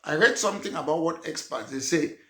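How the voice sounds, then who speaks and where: A man delivers a political address, his voice set fairly high. He repeats his points and throws rhetorical questions at the audience. The sound carries a noticeable room echo. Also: animated, brisk, fairly bright tone. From Cameroon. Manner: emphatic, repetitive, poses rhetorical questions. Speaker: political party leader. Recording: roomy echo.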